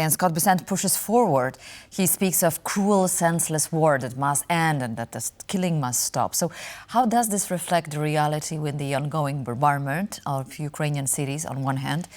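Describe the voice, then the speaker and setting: A woman anchoring a news interview, her voice sitting low for a woman. She reads the introduction in a measured, scripted way and then puts questions to her guest. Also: darkish tone. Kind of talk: broadcast interview.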